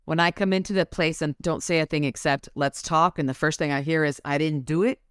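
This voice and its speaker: A woman's voice: low-pitched, steady tone, a little fast, clean tone, no room sound, clean studio sound, voice pushed down, natural voice. A woman reading as a blunt male wizard detective. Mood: pressing. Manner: firm, pressing, streetwise.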